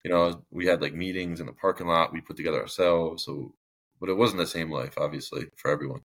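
A man's voice: sits low, fairly even intonation, quick pace, a bit bright. A young man telling his own story as a podcast guest, candid and rambling, with many restarts and fillers.

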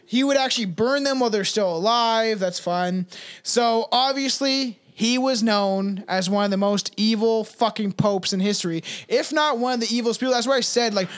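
High-voiced man in profane rambling chat. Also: clear, resonant tone. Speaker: podcast co-host. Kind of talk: casual chat.

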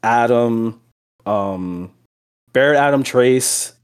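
A man's voice: medium pitch, very slow, clear, resonant tone. A man as game master, narrating a tabletop game in a casual, rambling way with fillers.

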